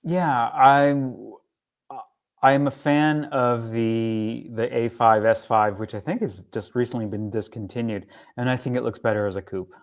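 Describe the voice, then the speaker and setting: A man's voice: mid-range voice, steady tone, a little slow. A man co-hosting a casual car chat, easygoing and agreeable, often restarting his sentences. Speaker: podcast co-host.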